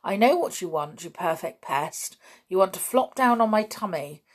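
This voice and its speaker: A woman's voice: medium pitch, expressive, moderate pace, breathy edge. A woman reading the part of a cheeky, teasing schoolboy in a storybook, in a playful, mock-threatening manner. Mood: mock-scolding.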